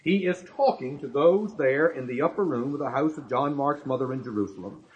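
A man's voice: medium pitch, brisk, lo-fi sound, slight background noise. A man preaching a sermon, talking emphatically, repeating key points and asking rhetorical questions.

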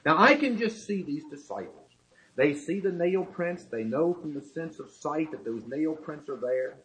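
A male preacher with a high voice that swings widely as he stresses each point. He keeps hammering the same words again and again and throws rhetorical questions at the congregation. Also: animated, normal speed, fairly bright tone, low-quality recording. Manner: emphatic, repetitive, asks rhetorical questions. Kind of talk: sermon.

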